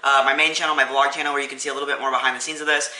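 A man's voice: mid-range voice, flat delivery, very fast, bright, forceful tone, reverberant, low-quality recording. A man reviewing a sandwich in a casual food vlog at a restaurant, chatty and enthusiastic with lots of fillers, filmed on a phone camera. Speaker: food vlogger. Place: restaurant, indoors. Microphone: phone camera, no tripod.

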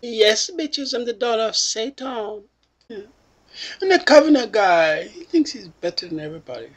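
A woman's voice: fairly high pitch, lively intonation, normal speed. A woman voicing a whiny, foul-mouthed woman testifying before lawmakers, in a put-on baby voice that whimpers and turns crude. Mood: crude, threatening. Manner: whimpering and teary, then crude and threatening. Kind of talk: mocking parody monologue.

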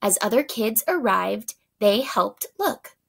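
Slow, gravelly woman teacher reading aloud. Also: mid-range voice, lively intonation. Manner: pauses to ask prediction questions, warm asides. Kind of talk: read-aloud for children.

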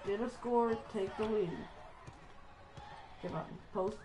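A woman giving live commentary over a basketball video game, excitable and playful, trash-talking the players. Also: medium pitch, takes it slowly, noisy background. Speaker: gaming channel host.

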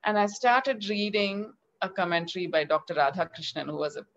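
Animated Indian woman telling a story. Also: fairly low pitch, fairly quick. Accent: Indian English. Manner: animated, acts out quoted dialogue. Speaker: children's author. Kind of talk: interview storytelling. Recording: slightly dull lo-fi audio.

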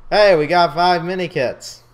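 A man's voice: high voice, a little slow. Young man chatting on a game stream. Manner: joking, laughs often. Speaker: let's play co-host. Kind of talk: casual livestream chat.

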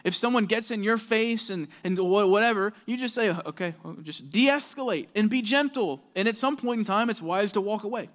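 Earnest conversational male preacher, higher voice. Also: normal speed, few pauses, fairly bright tone. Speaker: pastor. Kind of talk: sermon.

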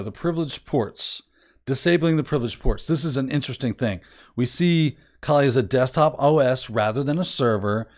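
Rambling man demoing software aloud. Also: mid-range voice. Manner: rambling, self-deprecating, thinking aloud. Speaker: host. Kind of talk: casual screen-share software demo.

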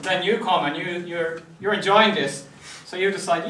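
A man's voice: high voice, moderate pace, sharp tone. A man from Ireland, giving a casual classroom lecture and often checking in with the students. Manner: conversational, checks in with "right?" often. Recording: echoey classroom, mic at a distance.

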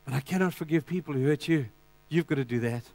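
High-voiced, emphatic preaching man. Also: fast, vocal fry. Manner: emphatic preaching with sudden drops to quiet intensity; addresses the congregation directly. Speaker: pastor. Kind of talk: sermon.

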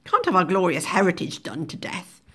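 A woman's voice: lowish voice, wildly swooping pitch, a little fast, a bit bright, slightly rough, exaggerated voice. A woman putting on the voice of a posh, clipped, condescending male teacher while reading a poem aloud. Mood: haughty. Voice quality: clipped and assured.

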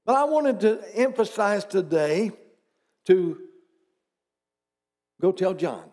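A man's voice: high-pitched, big pitch swings, slow pace, a little mellow. A man pastor preaching a conversational sermon in church, asking the congregation rhetorical questions and dropping teasing asides.

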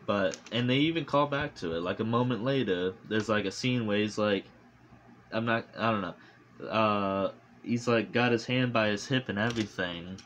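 A man reviewing a movie in a casual vlog, rambling and animated, full of fillers and swearing, recorded on a phone. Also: lowish voice, moderate pace, a little hiss or hum.

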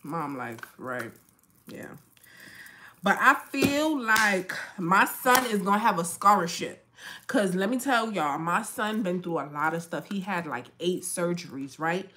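A woman's voice: lowish voice, expressive, unhurried, noisy background. A young woman chatting casually to viewers at home as a makeup vlogger and mom, frank and slangy, laughing often. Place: home with children nearby.

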